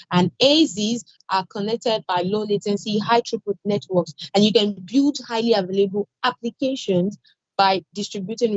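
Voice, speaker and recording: A woman's voice: medium pitch, dry recording, lo-fi sound. A woman with a Nigerian English accent teaching an online cloud security class, repeating key points and reassuring with everyday examples. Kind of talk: online training lecture.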